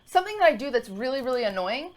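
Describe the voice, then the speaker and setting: A woman in her twenties co-hosts a podcast, telling a long story in a casual, rambling and emotional way full of fillers and restarts. Her voice is high-pitched and sing-song, and she's racing.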